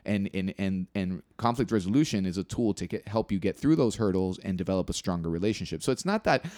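A man's voice: sits low, animated, fast talker, darkish tone, no echo, studio quality. A man in casual conversation, earnestly explaining things step by step. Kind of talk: casual chat.

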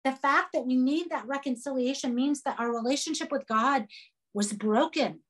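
Woman, high voice, emphatic, repetitive sermon. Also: normal speed, fairly bright tone. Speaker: preacher.

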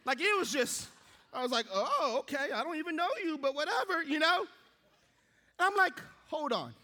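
A young man preaching a sermon, telling a funny personal story and acting out his own thoughts in a lively way. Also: very high-pitched, moderate pace. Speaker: pastor.

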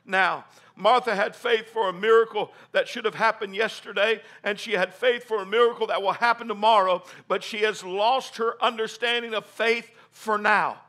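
High bright-voiced preacher. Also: male voice, fairly even intonation, normal speed, hardly any pauses. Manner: reads scripture then builds to loud, fervent preaching; calls for congregation responses and says amen. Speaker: pastor. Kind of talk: sermon.

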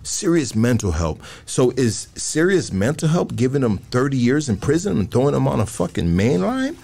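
A man's voice: mid-range voice, big pitch swings, moderate pace, creaky, warm tone. Blunt male host, casual and profane. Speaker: podcast host. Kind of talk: casual chat.

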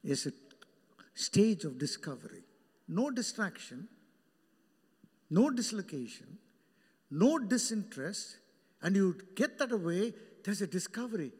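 A male pastor preaching a sermon, animated and joking with the congregation by name. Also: sits high, a little slow, big-room sound. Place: church hall.

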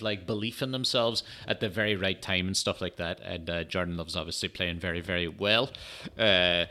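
A man's voice: lowish voice, sharp tone. A man hosting a casual solo sports podcast, rambling and swearing with lots of fillers, tired and yawning. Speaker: podcast host.

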